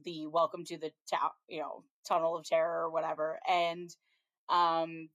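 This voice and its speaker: A woman co-hosting a podcast, talking on a slightly low pitch. She recaps a TV episode in a loose, chatty way, dropping lots of ums and small laughs along the way. The sound is close and dry, with no room around her. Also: a bit bright, clear, resonant tone, dry recording. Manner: chatty, frequent ums, laughs while retelling scenes. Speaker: podcast co-host. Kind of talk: casual chat, recapping a TV episode.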